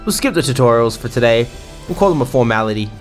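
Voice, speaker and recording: A man talks casually over gameplay, rambling along and poking fun at himself. His voice sits at a middle pitch. Game music plays faintly behind him. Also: expressive, fast talker. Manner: rambling, self-mocking, laughs at himself. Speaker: let's play host.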